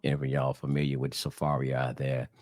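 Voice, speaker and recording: Southern man, very low voice, rambling casual teaching, dry close mic. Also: monotone, a little fast, a little mellow, dry recording. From Southern United States. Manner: rambling, addresses viewers as y'all, many fillers and restarts. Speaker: religious channel host.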